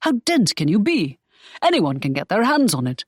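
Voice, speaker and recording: In a mid-range, slightly rough voice at normal speed, a woman narrates an audiobook with huge pitch swings, captured in studio quality without room sound. She plays a curt, scolding young man, stern and brusque, who is a secretive pirate.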